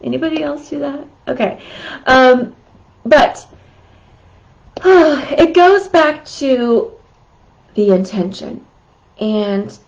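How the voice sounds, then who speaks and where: A woman's voice: fairly high pitch, a little mellow, lo-fi sound. A woman hosting a casual talk with communication tips, chatty and laughing often. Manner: chatty, laughs often, keeps asking "right?". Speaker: host.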